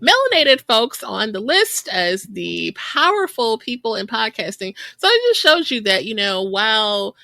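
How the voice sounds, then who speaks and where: A woman co-hosting a podcast in casual chat, talkative and quick to laugh. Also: on the high side, sing-song, creaky, sharp tone, no echo. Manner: chatty, laughs often, quick asides. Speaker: podcast co-host.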